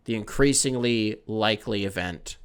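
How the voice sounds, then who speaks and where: A man's voice: lowish voice, normal speed, clean tone. A man hosting a sports podcast, rambling and joking in casual chat, swearing freely. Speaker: podcast host.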